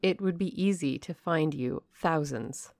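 A woman's voice: low-pitched, unhurried, a little mellow, dry recording, studio quality. A woman voicing a composed young woman who answers in a cool, curt, skeptical way. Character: composed young woman, calm and dryly unimpressed.

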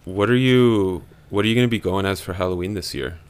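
A man's voice: low voice, fairly quick, clean tone, no room sound. A young man co-hosting a podcast, talking in a laid-back, slangy casual chat. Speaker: podcast co-host.

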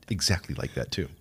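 A man being interviewed about his marriage, speaking earnestly and laughing often. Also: sits low. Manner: earnest, sentimental, laughs a lot. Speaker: guest, café co-owner. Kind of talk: casual interview chat.

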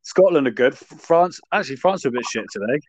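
A man's voice: medium pitch, animated, fast, a little hiss or hum. A man co-hosting a casual sports chat, blunt and bantering, swearing casually. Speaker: podcast co-host. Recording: dull lo-fi dry recording.

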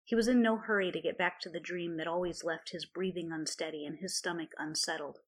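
A woman reading a story aloud in a measured, quiet way. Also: lowish voice, steady tone, slightly rough. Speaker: narrator. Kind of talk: storybook narration of fan fiction.

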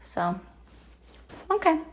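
A middle-aged woman chatting in a rambling, casual monologue as a podcast host. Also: drawn-out words. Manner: chatty, rambling, animated quoted voices.

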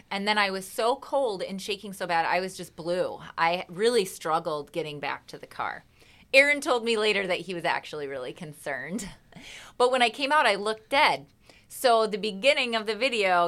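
A woman's voice: fairly low pitch, fairly bright tone. A woman, a singer, chatting as a guest in an interview and acting out her own reactions as she tells a story. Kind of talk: casual interview chat.

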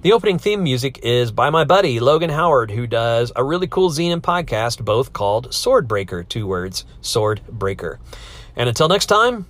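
A man's voice: fairly high pitch, big pitch swings, fairly quick, few pauses, a bit bright, dry recording. A man hosting his own podcast, thinking aloud in a rambling, enthusiastic way as he chats on his own. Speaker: podcast host. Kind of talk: casual solo chat.

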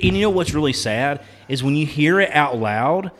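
A man speaking a little high for his sex rants in a profane, outraged style as a podcast host. His voice rings with a long reverb, as if recorded in a hard, echoing space. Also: animated, normal speed. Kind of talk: casual chat.

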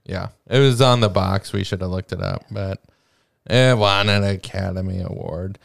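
A man's voice: deep voice, normal speed, gravelly, no echo. A man co-hosting a casual podcast chat, sharing trivia with wry, dry humor. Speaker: podcast co-host.

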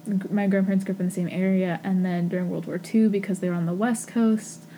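A woman's voice: fairly low pitch, fairly even intonation, fast talker, warm tone, a little hiss or hum. A young adult woman co-hosting a podcast, earnestly sharing personal stories in casual conversation and laughing often. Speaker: podcast co-host. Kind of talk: casual chat.

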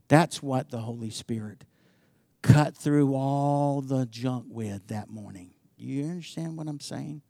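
A man preaching a sermon as pastor, swinging from loud emphatic calls to hushed, slow, intimate talk and asking his congregation "amen?". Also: mid-range voice, creaky, no echo.

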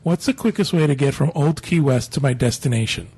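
A man's voice: fairly high pitch, lively intonation, brisk, a little mellow, husky. A man co-hosting a podcast, reading listener email aloud in a casual, joking way. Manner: joking, laughs often. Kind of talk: casual chat.

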